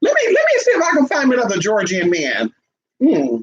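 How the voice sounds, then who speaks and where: A vlogger with a medium-pitched, breathy voice talks fairly quickly through a muffled recording. In her casual storytelling monologue she comes across sassy and brash, calling listeners honey and animatedly slipping into other characters' voices.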